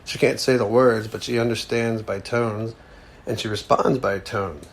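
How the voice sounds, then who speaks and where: A man's voice: lowish voice, steady tone, normal speed, slight background noise. A man hosting his own podcast, talking in a casual, wandering monologue full of jokes and asides. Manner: joking, wandering, self-mocking. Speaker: podcast host.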